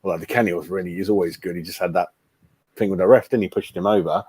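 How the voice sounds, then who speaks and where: A man's voice: deep voice, quick pace, darkish tone, husky, dry recording. Casual male host, blunt rambling chat, dry close mic. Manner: blunt, chatty, keeps saying mate. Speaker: fan channel host. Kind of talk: casual live-stream chat.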